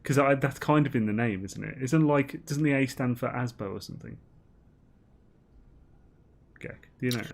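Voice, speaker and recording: A man's voice: medium pitch, normal speed, vocal fry, pauses often. Man, game streamer, casual banter, rambling, lots of ums, giggly.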